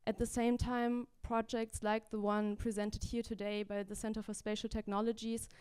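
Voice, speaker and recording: A woman reads formal remarks to a panel audience in a measured, even way, her pitch sitting a little high and barely moving. Her voice is mellow and dark, yet very smooth and clean. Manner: measured, formal, with small restarts. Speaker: legal advocate presenting at a panel. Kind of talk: read prepared remarks. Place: gallery event hall.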